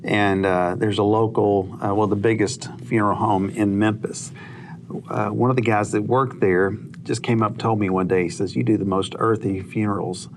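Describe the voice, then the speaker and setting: A man who is a minister, telling a lively story on a TV talk show and acting out the dialogue. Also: lowish voice, normal speed, a little hiss or hum. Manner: animated anecdote-teller who acts out dialogue. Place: TV studio.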